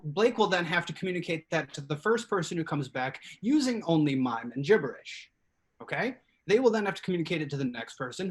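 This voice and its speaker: A man's voice: a little high, fairly bright tone. A man hosting a live improv comedy show over a video call, chatty and upbeat with lots of fillers. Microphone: home computer mic on video call.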